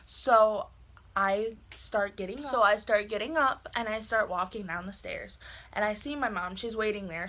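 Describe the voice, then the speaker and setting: A young woman telling a personal story in a casual, animated way, with lots of "like" fillers. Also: mid-range voice. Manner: animated, filler-heavy with frequent "like".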